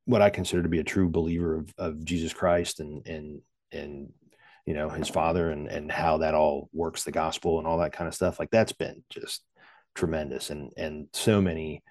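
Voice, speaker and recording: A man with a very low, deep voice speaks in a loose, rambling way, full of fillers and restarts. He jokes about himself as he talks through his story. The sound is dry and close, with no room around it. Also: steady tone, normal speed, darkish tone, no room sound. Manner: self-deprecating humor. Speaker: podcast guest. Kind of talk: casual conversational interview.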